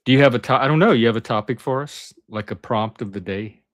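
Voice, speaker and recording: A male host chatting on a live stream, teasing and halting with frequent restarts. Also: medium pitch, no room sound, clean studio sound. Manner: teasing, hesitant, many restarts. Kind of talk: casual live-stream chat.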